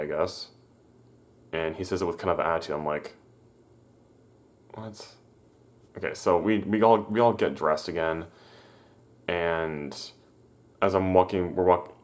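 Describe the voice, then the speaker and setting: Very deep-voiced man, halting storyteller. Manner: halting, stammers and restarts, corrects himself. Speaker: vlogger. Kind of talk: personal storytelling to camera.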